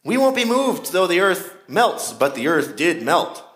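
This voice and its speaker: A man's voice: sits high, very animated, a little slow, fairly bright tone. A man preaching a sermon in a conversational way, with shifting emphasis. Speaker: pastor.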